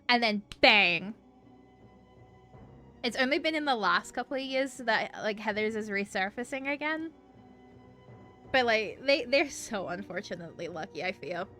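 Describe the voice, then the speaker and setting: A woman's voice: a little high, animated, moderate pace, sharp tone, soft background music. A woman from Australia with an Americanized Australian accent, chatting casually on a game stream and rambling with lots of "like" and free swearing. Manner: rambling, many "like" fillers, swears freely. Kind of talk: casual live-stream chat.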